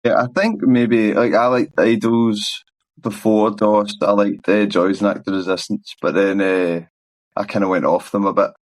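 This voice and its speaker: Low-voiced gruff Glaswegian man. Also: little pitch movement, normal speed, a little mellow, no echo. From Scotland. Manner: rambling, frank, swears casually. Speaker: band's singer. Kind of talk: casual interview answers.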